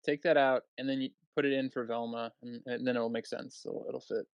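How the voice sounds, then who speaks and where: A mid-range male voice in a dry, close recording, trading wry quips in a casual film chat. His tone is relaxed and jokey. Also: medium pitch, a little fast, creaky, clean tone, no room sound, highs cut off. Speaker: podcast co-host.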